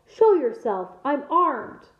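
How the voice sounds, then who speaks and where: A woman reading aloud, voicing a big, blunt male gamekeeper who talks in a rough dialect. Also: high voice, big pitch swings, slow pace, exaggerated voice. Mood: gruff. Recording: echoey room, tinny phone-like sound.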